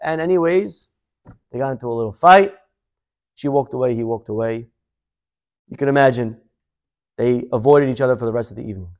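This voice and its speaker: Brief: a male rabbi at a mid pitch, telling a sermon story animatedly. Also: brisk, pauses often, darkish tone.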